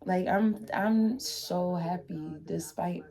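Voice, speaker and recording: Gravelly low-voiced woman vlogging. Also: slow, warm tone. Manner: heartfelt, chatty, repeats herself. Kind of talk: emotional casual vlog to camera. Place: her room, indoors.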